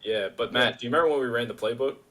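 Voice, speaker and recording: A man's voice: medium pitch, racing, a bit bright. A young man co-hosting a podcast, rambling through a story in casual chat and trailing off. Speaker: podcast co-host.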